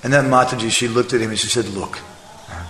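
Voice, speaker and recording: A man's voice: medium pitch, flat delivery, very fast, a bit bright, a little hiss or hum. A male preacher giving a conversational sermon, telling a story and often checking in with the audience. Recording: echoey hall, faint ambience.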